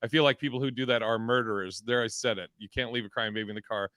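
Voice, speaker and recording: Male co-host, bright forward tone, loose and joking, reads comments aloud, dry close mic. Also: mid-range voice, steady tone, rapid-fire, smooth, no room sound. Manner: loose, laughs often, swears casually. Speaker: podcast co-host reading listener comments. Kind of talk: casual chat.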